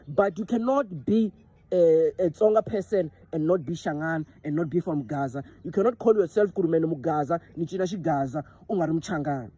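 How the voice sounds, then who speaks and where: A man's voice: on the high side, a little fast, mellow, husky, dull audio. A South African man whose first language is Xitsonga, giving an impassioned, repetitive monologue to camera that keeps asking if the listener understands. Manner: impassioned, repeating himself and asking "do you understand?". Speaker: social media commentator.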